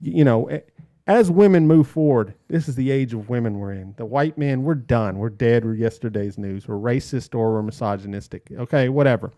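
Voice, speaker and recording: A man's voice: medium pitch, brisk, warm tone, no echo, clean studio sound. A man hosting a casual podcast with his brother and a friend, with jokey, upbeat emcee patter. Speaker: podcast host.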